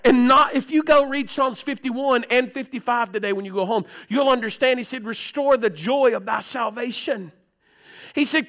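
A middle-aged man preaching a sermon, swinging from loud outbursts to hushed low tones and often clearing his throat. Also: normal speed. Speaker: pastor.

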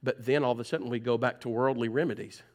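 A man's voice: medium pitch, steady tone, fast, a little mellow. A man preaching a sermon in a church. He talks conversationally, teases his listeners and acts out their complaints. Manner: conversational preaching, teasing the congregation, mimics voices. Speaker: pastor. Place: church sanctuary.

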